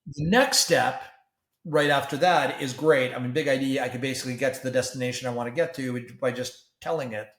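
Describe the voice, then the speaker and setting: As a podcast guest, this Canadian tech CEO speaks about being a founder in an animated way, often restarting and repeating words. His pitch is mid-range, his pace fairly quick, and the room has an audible echo.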